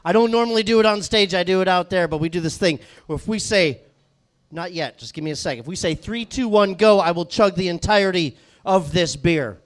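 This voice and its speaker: Rowdy high-voiced male stand-up. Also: fairly quick, few pauses. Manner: rowdy, crowd-baiting, swearing. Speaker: stand-up comedian. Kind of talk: stand-up comedy set. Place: comedy club stage.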